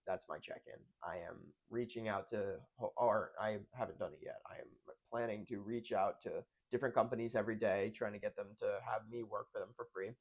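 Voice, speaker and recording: A young man talking through a casual check-in on his own, rambling and correcting himself as he goes. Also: fairly low pitch. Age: young adult. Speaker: vlogger.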